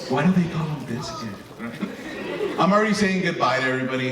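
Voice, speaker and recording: An animated male comedian telling a story to a large audience, his voice a touch higher than most men's. The hall is roomy and echoing. He is picked up from some distance, with crowd noise behind him. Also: a little fast. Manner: animated, lively storyteller with frequent tag questions. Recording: echoey hall from far off with crowd.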